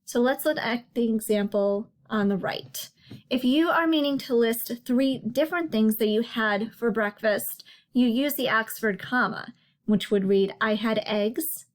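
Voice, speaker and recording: Patient woman explaining a writing lesson. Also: on the high side. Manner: clear, patient explaining with slow emphasis on examples. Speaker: writing tutor. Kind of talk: narrated slide lesson.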